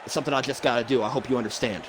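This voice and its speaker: A man's voice: mid-range voice, steady tone, slight background noise, close to an everyday voice. A man playing a weary, stammering wrestler. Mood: earnest. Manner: halting, stammering restarts. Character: weary, emotional male wrestler, middle-aged, soft-spoken. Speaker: fan performer voicing a pro wrestler. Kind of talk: wrestling promo role-play.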